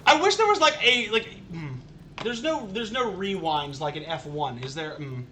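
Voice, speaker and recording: High bright-voiced man ranting while streaming. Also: a little slow, slight background noise. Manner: exasperated ranting, repeats himself. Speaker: game streamer. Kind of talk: casual live-stream commentary.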